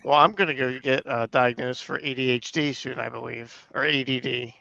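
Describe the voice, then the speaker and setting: Gravelly man with dry teasing quips. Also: mid-range voice, steady tone, moderate pace, pushed and bright. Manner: dry, teasing one-liners. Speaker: podcast co-host. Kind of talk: casual chat. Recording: dull lo-fi sound.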